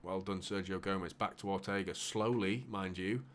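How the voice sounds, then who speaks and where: A man hosting a live football watchalong, calling the play with bursts of excitement and muttered asides. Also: deep voice, normal speed, a little hiss or hum. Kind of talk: live match commentary for a fan watchalong.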